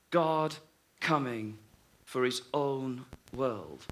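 Bright-voiced preacher, unhurried. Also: male voice, on the high side, animated, a little hiss or hum. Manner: storytelling, acting out voices and dropping to a hush. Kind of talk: sermon.

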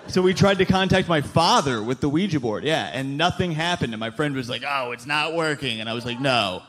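A man's voice: on the high side, lively intonation, fast talker, fairly bright tone. A man doing stand-up, telling a personal story with a wry, understated delivery. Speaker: stand-up comedian.

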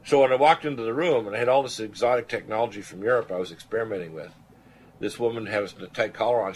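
A man's voice: fairly low pitch, a little hiss or hum. An older man and radio show host telling a personal story with earnest conviction, acting out the voices of people he quotes. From Canada. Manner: earnest, animated testimony, quoting others.

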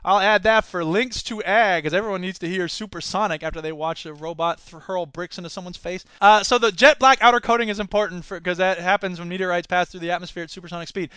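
Bright, crisp comedic podcast man. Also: sits high, fast talker, hardly any pauses, no echo. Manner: jokey, rambling, slips into silly voices. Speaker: podcast host. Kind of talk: comedic news commentary.

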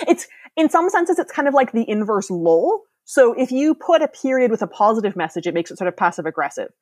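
A woman's voice: fairly high pitch, big pitch swings, brisk, dry recording. A woman in her thirties, a podcast guest, explaining ideas eagerly in casual chat and laughing often.

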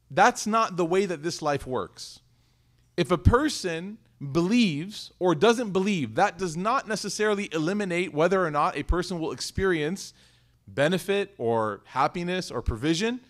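A man teaching a sermon in a conversational, animated way, telling a personal story and asking rhetorical questions. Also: high voice. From United States. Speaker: Islamic teacher.

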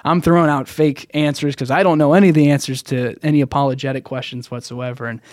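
A man's voice: medium pitch, steady tone, fast, a little mellow, dry recording, clean studio sound. A young American man telling his personal faith story as a podcast guest, earnest and rambling, with many restarts.

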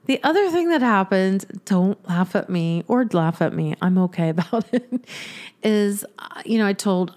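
A woman hosting her own podcast from her home office, chatting casually and emotionally with frequent laughs and rambling restarts. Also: fairly low pitch. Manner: warm, giggly, emotional, rambling. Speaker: podcast host. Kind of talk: casual solo podcast chat.

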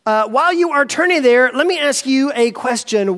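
A middle-aged male pastor preaching a sermon in a church, conversational and animated, with frequent rhetorical questions to the congregation. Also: very high-pitched, moderate pace, long reverb tail. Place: church sanctuary.

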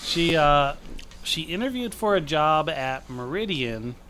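A man co-hosts a podcast from his home office, joking his way through a loose chat. His voice sits a little high and sounds bright and forward. A faint hiss of noise runs under the video-call audio. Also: expressive, a little slow. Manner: jokey, slips into loud put-on voices. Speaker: podcast co-host. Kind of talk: casual chat.

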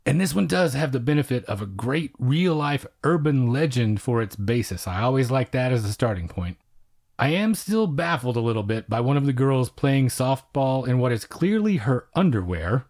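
A man's voice: mid-range voice, big pitch swings, normal speed, darkish tone. A man in the middle of his range, talking through old horror films on a casual podcast. His manner is enthusiastic and a little wry, like a devoted film buff. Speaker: podcast co-host. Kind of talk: casual film review chat.

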